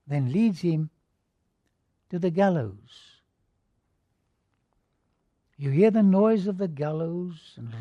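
A man's voice: high-pitched, dry recording. A man preaching a sermon, posing rhetorical questions and telling a dramatic story to his listeners. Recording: dull lo-fi recording.

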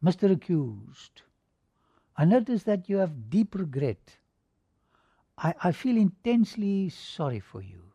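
A man voicing a solemn, merciful male judge who speaks gravely and with compassion. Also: high-pitched, big pitch swings, a little slow, pauses often, warm tone, no echo, exaggerated voice. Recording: dull lo-fi recording.

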